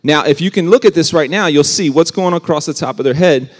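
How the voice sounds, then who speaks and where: A man giving a casual youth sermon, conversational and animated with everyday slang. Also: a little high, a little fast. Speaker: youth pastor.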